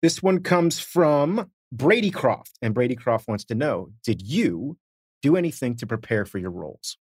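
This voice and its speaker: A man's voice: mid-range voice, very animated, a little slow, a little mellow, slightly rough, dry recording, studio quality. A middle-aged man co-hosting a podcast, chatting casually and telling self-deprecating anecdotes while acting out the people in them. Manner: self-deprecating storyteller, acts out quoted voices. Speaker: podcast co-host.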